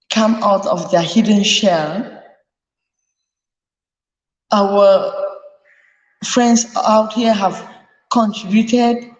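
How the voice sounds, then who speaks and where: A woman's voice: mid-range voice, a little mellow, dull audio. A woman hosting a live parenting chat, earnestly advising parents and repeating her key points. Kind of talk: live talk to an audience. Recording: echoey room with long reverb.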